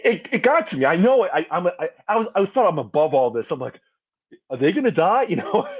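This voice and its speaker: A man's voice: a little high, very animated, a little fast, slightly rough, dull audio. A man talking as a guest on a podcast, casually and with feeling, swearing freely and acting out scenes he retells. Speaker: guest panelist.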